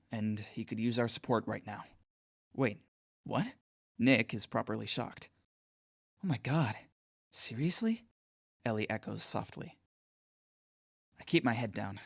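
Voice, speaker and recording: An anxious, awkward teenage boy narrates his story for an audio drama in a low, gravelly voice. He talks inwardly and puts himself down, and the recording is close and dry. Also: no room sound. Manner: self-deprecating, inward, anxious.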